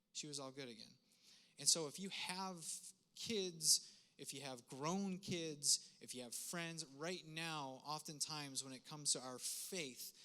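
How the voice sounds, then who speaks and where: A man's voice: a little high, sharp tone. A man in his thirties preaching a sermon in a conversational, earnest way, with frequent asides and restarts. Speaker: pastor. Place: church sanctuary.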